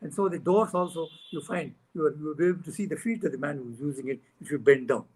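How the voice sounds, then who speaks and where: A man, a guest speaker on a video call, telling an animated anecdote and acting out the dialogue with chuckles. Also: fairly high pitch, fast talker, breathy edge, rough recording. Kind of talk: storytelling talk.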